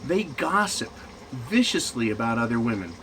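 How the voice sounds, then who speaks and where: A man's voice: mid-range voice, big pitch swings, normal speed, a bit bright, a little hiss or hum, poor audio. A man in management ranting crudely and mockingly in a profane monologue. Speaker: commentator.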